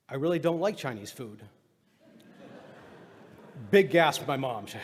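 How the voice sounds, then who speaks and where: A middle-aged man giving a eulogy for his father, telling funny stories with deadpan punchlines. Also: on the high side, fairly quick. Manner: wry storytelling, deadpan punchlines. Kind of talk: eulogy speech with humorous stories. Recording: reverberant hall recording.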